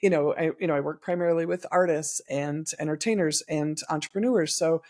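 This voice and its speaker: An interviewer with a mid-range voice who asks gentle, caring questions. The tone is conversational and attentive. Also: mid-range voice, a little fast.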